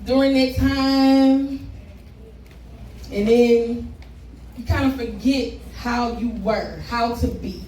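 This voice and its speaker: A woman's voice: fairly high pitch, steady tone, slow pace, pauses often, warm tone. A woman performing spoken word poetry live at a poetry event, rhythmic, blunt and profane, with laughing asides to the crowd. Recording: echoey room, distant mic, background noise.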